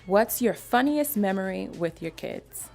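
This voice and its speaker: A woman reading out interview questions in a lively way. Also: mid-range voice, a little slow, faint music behind.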